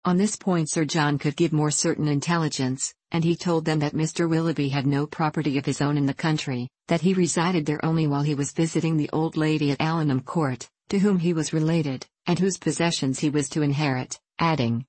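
Low-voiced woman reading a classic novel. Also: steady tone, brisk, hardly any pauses, a little mellow, no echo. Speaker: audiobook narrator. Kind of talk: scripted narration of a classic novel.

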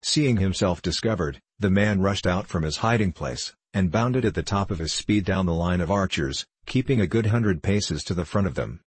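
A man narrating a historical adventure audiobook in a steady, measured reading. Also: deep voice, breathy edge, no echo. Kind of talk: scripted narration.

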